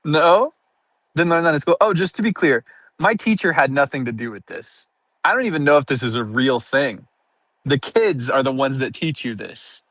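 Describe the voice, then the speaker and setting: A young streamer rambles through casual livestream chat, drifting from thought to thought and often laughing at himself. His fairly high voice is bright and forceful, recorded close to the mic in a dry, dead room with no echo.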